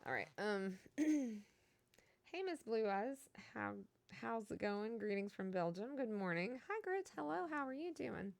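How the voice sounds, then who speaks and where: A woman's voice: on the high side, lively intonation, measured pace, vocal fry, faint music behind. A middle-aged woman with a Kentucky Southern accent, chatting casually and giggling with her live-stream viewers.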